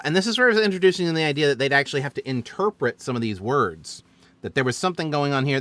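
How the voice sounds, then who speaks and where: A man's voice: medium pitch, a bit bright, dry recording. A man as dungeon master, chattily recapping and explaining his choices on a stream. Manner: chatty, explaining with fillers and self-corrections.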